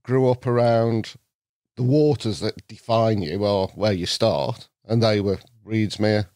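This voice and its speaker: This middle-aged English podcast guest, with a North Staffordshire accent, is an animated storyteller who laughs often during casual chat. He speaks at a measured pace in a lowish voice, on a dry, studio-quality recording.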